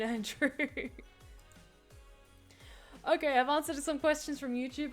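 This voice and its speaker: Chatty woman streaming with soft music. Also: high-pitched, fairly quick, pauses often. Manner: chatty, with many fillers and frequent laughs. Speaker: streamer answering viewer questions. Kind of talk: casual live-stream chat.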